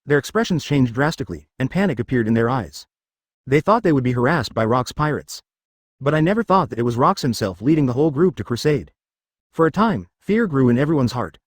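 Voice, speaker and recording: Fast synthetic male narrator. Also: mid-range voice, dry recording, studio quality. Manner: even, mechanical reading with odd misreadings.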